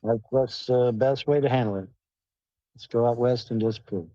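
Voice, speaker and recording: A livestream host sits in his car fielding chat questions, wandering off on tangents and swearing as he goes. He speaks at a normal speed in a mid-range voice, captured with dry, dull lo-fi audio.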